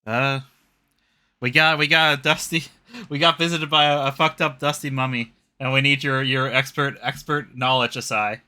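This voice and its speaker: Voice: medium pitch, steady tone, bright, forceful tone. A player at a tabletop game, chatting casually with frequent restarts and laughs. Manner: stumbling restarts, quick laughs.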